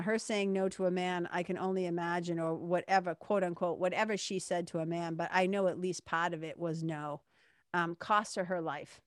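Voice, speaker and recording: A woman's voice: fairly low pitch, clear, resonant tone, no echo, clean studio sound. Earnest woman telling a personal story. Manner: earnest, reflective, re-enacts quoted dialogue.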